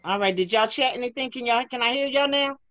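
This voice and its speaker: A woman with a fairly bright voice on the high side talks fast while leading a casual online class for children. Chatty and encouraging, she reads the video-call chat aloud.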